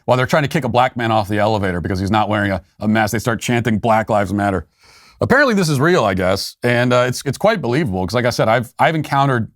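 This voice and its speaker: A man's voice: fairly low pitch, no room sound, studio quality. A man hosting a commentary show, talking casually with sarcastic, wry asides. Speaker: podcast host.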